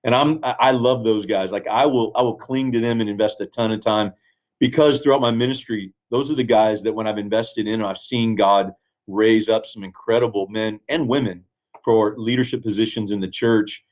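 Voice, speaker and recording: A man's voice: fairly low pitch, steady tone, moderate pace, a little mellow. Earnest man, dull podcast audio. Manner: earnest, reflective, with frequent restarts. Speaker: pastor, guest. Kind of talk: casual conversation, storytelling.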